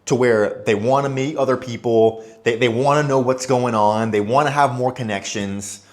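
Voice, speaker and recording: A young man speaks straight to camera in a relaxed, chatty vlog. He sits at an ordinary middle pitch, rambles loosely, and slips into little acted-out exchanges as he goes. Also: normal speed. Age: young adult. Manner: chatty, loose and conversational, acts out little dialogues. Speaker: expat vlogger. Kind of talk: casual advice vlog.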